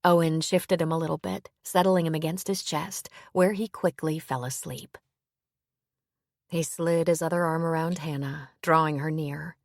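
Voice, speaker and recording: A woman narrates a novel in an even, measured way. Her voice sits low with plenty of gravelly fry, and the recording is close and completely dry. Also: no room sound. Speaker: audiobook narrator. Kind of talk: scripted narration.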